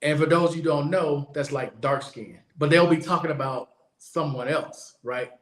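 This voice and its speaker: Guy hosting his podcast, ranting bluntly, kinda high voice, roomy echo. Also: fairly even intonation, normal speed. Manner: blunt, opinionated, repeats points for emphasis. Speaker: podcast host. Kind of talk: casual monologue. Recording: echoey room.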